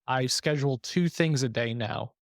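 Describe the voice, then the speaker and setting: A man's voice: medium pitch, normal speed, dry recording, studio quality. A man hosting a podcast, talking openly and reflectively about his own struggles in a candid conversational way. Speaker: podcast host.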